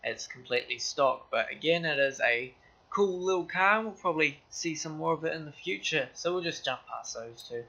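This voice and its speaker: A man's voice: on the high side, animated, normal speed, creaky, pushed and bright, lo-fi sound. A man hosting a casual game walkthrough, rambling loosely in car-enthusiast slang. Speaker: gaming channel host.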